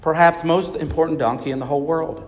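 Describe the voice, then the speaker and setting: An eager young donkey colt, curious and excitable, as a man puts him on for a storybook. His voice climbs higher than the telling around it and pleads when he wants something. A long reverb trails behind every line. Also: fast talker, natural voice. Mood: wondering. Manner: excited, pleading, high-pitched. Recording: reverberant hall.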